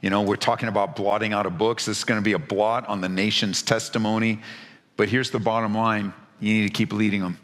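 A man's voice: little pitch movement, brisk, fairly bright tone. Preaching man in a reverberant hall. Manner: impassioned, rising pitch in emphatic stretches; repeats words when stressing a point. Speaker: pastor. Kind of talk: sermon.

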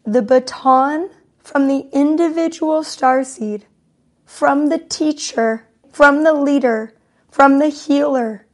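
A woman giving an emotional spiritual talk, emphatic and repetitive, near tears. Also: sits high. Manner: slow, emphatic, repetitive, tearful. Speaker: spiritual speaker.

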